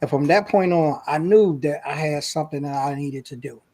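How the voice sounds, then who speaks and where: A man's voice: a little high, a little fast, mellow. A man, a guest on an interview show, earnestly telling a personal story in a casual, emotional way.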